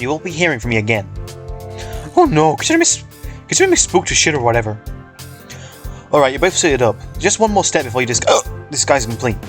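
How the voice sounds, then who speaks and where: Grumpy sarcastic male troll, put on by a man; dry, sardonic, lively pitch, faint music under it. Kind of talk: fan comic read-aloud.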